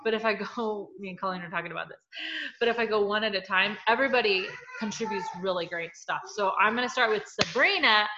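A woman hosting a casual group chat, chatty and quick with asides and laughter. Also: medium pitch, roomy sound. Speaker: podcast host. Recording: dull lo-fi call audio with faint noise.

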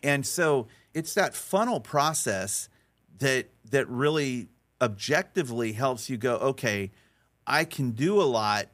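A middle-aged man, a podcast guest, talking in an emphatic, animated way, acting out dialogue as he tells stories with frequent restarts. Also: medium pitch, a little slow. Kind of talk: conversational storytelling interview.

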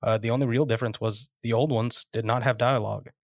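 A man's voice: mid-range voice, fairly even intonation, fast, vocal fry, dry recording, studio quality. A young adult man, a guest on a podcast, chatting in an easygoing, slightly hesitant way. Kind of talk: casual chat.

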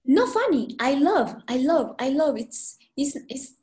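A woman with a Spanish accent, a Spanish teacher speaking English as a second language as a podcast guest, halting and searching for words with many fillers. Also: high-pitched, sing-song, darkish tone. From Guatemala. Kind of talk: casual interview chat. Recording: echoey room.

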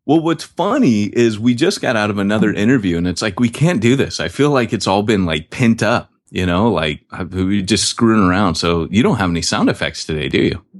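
Male co-host, low husky voice, lively and jokey casual banter. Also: a little fast, hardly any pauses. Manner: joking, animated, does silly voices. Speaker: podcast co-host.

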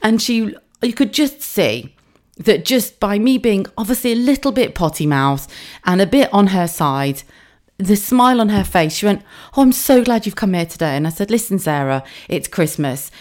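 A woman's voice: medium pitch, lively intonation, normal speed. A woman in her thirties telling stories in a casual podcast monologue, chatty and sweary, laughing often. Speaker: podcast host.

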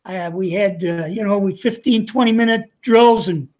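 An older man, a retired coach being interviewed, has a high, darkish voice and speaks at a moderate pace. He tells folksy stories from his coaching days, chuckling along, slipping into quoted back-and-forth dialogue and keeping things easygoing and conversational.

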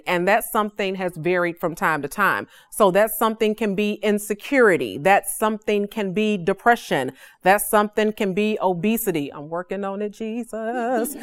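A woman's voice: medium pitch, no room sound. A woman in her forties hosting a podcast, teaching a devotional in a casual, emphatic way and often checking in with "okay?".

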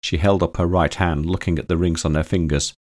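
A male audiobook narrator with a deep, low voice, reading in a steady and even way. The recording is close and dry, with no room sound. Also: brisk, dry recording. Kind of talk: audiobook storytelling.

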